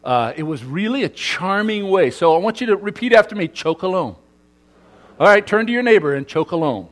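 A man's voice: high-pitched, expressive, quick pace, a bit bright. A middle-aged man from Southern California, playfully quizzing and joking with a live audience as he speaks to a congregation. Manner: playful, asks the audience questions and jokes with them. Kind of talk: lively talk to a live audience.

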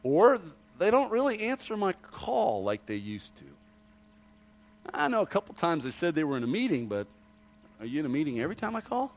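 Animated man preaching a sermon. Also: a little fast. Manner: animated preaching with rhetorical questions, drops low and quiet for emphasis. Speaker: pastor.

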